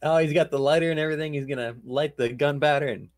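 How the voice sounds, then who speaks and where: A man's voice: on the high side, steady tone, fast. A man co-hosting a casual podcast stream, teasing the others with crude wisecracks. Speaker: podcast co-host.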